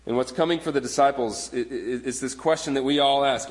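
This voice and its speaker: A man's voice: mid-range voice, a little fast, slight background noise. Brief: male pastor in his thirties, mid-range voice, earnest conversational sermon, long hall reverb. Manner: earnest, conversational preaching with repeated restarts.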